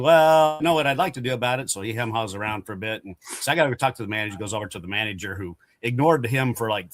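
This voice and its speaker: A man's voice: mid-range voice, fairly bright tone. A man telling a customer-service story in a casual panel talk. He chats along, laughs now and then and acts out the people he quotes.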